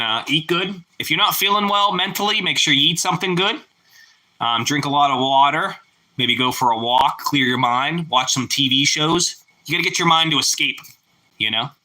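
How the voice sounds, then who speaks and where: A young man hosting a casual live chat with viewers, relaxed and chatty, breaking into loud whoops of delight. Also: on the high side, a little fast. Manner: relaxed, chatty, exclaims "woo" over food. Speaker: livestream host.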